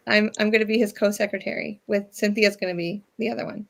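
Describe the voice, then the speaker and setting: A woman's voice: mid-range voice, steady tone, quick pace, gravelly. A woman in a casual group chat, talking in a playful, eager way.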